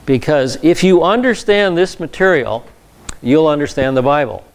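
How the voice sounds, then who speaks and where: Man teaching a Bible class, gravelly. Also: on the high side, animated, moderate pace. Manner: conversational, many fillers and repeats. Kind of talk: classroom lecture with slides.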